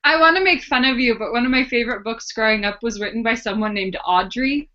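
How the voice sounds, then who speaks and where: A woman's voice: a little high, fast talker, pushed and bright. A woman in a casual book club discussion over a video call, thoughtful with a teasing edge. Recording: muffled video-call audio.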